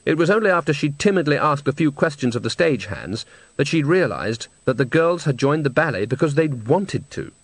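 A man reading a novel aloud with measured, wry storytelling. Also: a little high, very animated, no echo. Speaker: audiobook narrator. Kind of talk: scripted narration. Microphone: close studio mic.

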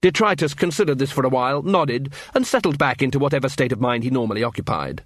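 A man narrating a comic fantasy audiobook in a wry, expressive storytelling manner. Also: medium pitch, quick pace, no echo, studio quality.

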